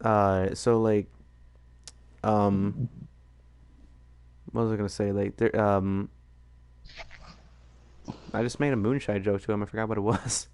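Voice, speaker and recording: A man's voice: lowish voice, steady tone, a little slow, pauses often, a little mellow, smooth, no room sound. A man rambling in a casual late-night chat, full of fillers and laughter. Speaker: streamer host.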